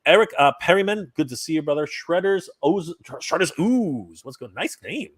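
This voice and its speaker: Lively, animated man hosting a live stream. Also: on the high side, normal speed, slightly rough, no room sound. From Canada. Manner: upbeat, animated shout-outs to viewers. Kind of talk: casual live-stream chat, reading viewer comments.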